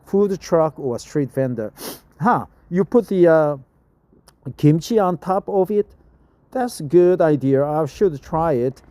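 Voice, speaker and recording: A man's voice: a little high, animated, slow, dark tone, no room sound. A middle-aged man with a Korean accent, a native Korean speaker reading English text aloud for practice, repeating phrases and correcting his own pronunciation.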